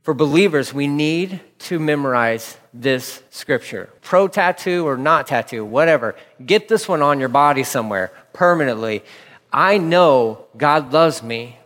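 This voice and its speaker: A man's voice: fairly high pitch, expressive, fairly bright tone. Emphatic preacher man in a reverberant hall. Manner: emphatic preaching, slowing for scripture. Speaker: pastor. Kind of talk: radio sermon.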